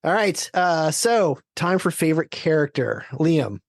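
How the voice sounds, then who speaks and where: A man's voice: a little high, big pitch swings, measured pace, vocal fry, no echo. Rambling man host, dry close sound. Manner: rambling recaps. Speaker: podcast host. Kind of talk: casual chat.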